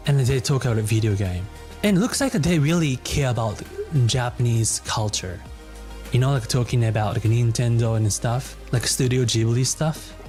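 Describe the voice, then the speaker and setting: A man's voice: mid-range voice, moderate pace, a little mellow, soft background music. A man talking casually and rambling with lots of filler words, played as a clip. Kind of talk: casual commentary.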